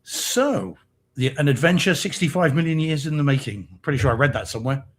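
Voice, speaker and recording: A British man co-hosts a casual live-stream chat over a remote video-call mic, rambling and hesitating with lots of ums and frequent laughter. His voice is a little high, expressive, and brisk.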